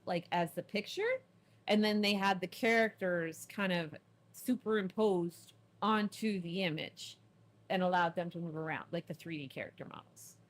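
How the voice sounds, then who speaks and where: A woman's voice: medium pitch, a little hiss or hum. A woman chatting playfully and giggling while she plays a video game on stream, humming along and cheering her characters on. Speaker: let's play streamer. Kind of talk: casual gameplay commentary.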